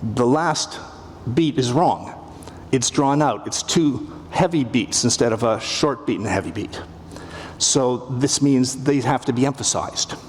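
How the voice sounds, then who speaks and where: An unhurried, mid-range male voice belongs to a middle-aged Canadian literature professor. He gives a live audience a wry, comic public lecture from a theatre stage, performing quotes along the way, while the large hall lends long reverb and faint ambience.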